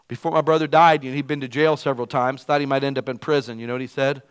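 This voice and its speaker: A man's voice: fairly even intonation, racing, hardly any pauses, clear, resonant tone. Emphatic casual preacher, man. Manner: big swings between loud bursts and quiet, low asides. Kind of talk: sermon.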